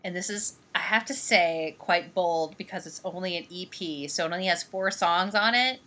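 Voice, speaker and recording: A woman's voice: on the low side, normal speed, pushed and bright. A woman from Missouri in her thirties, co-hosting a podcast in casual chat, giggly and rambling with fillers. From Missouri, USA. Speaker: podcast co-host.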